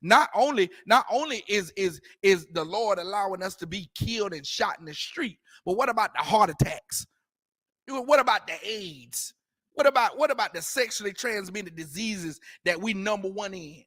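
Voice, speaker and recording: In clean studio sound without room reverb, a man with a high, fairly bright voice and lively intonation teaches scripture at a moderate pace. He preaches his commentary emphatically and repetitively, leaning on street slang and a stream of rhetorical questions.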